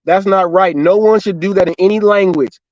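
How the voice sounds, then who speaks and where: High-voiced man telling a story animatedly. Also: brisk, no echo, lo-fi sound. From Los Angeles and Orange County, California. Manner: animated, repetitive retelling with quoted dialogue. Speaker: gig delivery driver and show host. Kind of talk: casual storytelling monologue.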